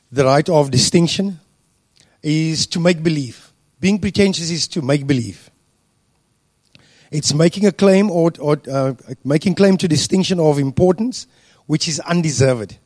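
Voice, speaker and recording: A man giving a sermon, speaking deliberately with frequent fillers and restarts. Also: a little high, a little mellow, dry recording. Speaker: preacher.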